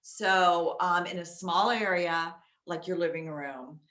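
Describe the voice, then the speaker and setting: A loud, chatty woman explaining dog training in a ringing, bright voice over a roomy echo. She talks on the low side and sounds forceful, with plenty of ums as she goes. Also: takes it slowly. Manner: loud, chatty, with many fillers. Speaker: dog owner teaching at-home dog games. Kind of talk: casual how-to talk. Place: inside a home. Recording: echoey room.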